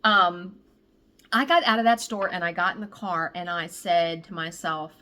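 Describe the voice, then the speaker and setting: A woman cross-stitch vlogger telling a story in a casual, animated, exasperated way, swearing freely. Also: mid-range voice, normal speed.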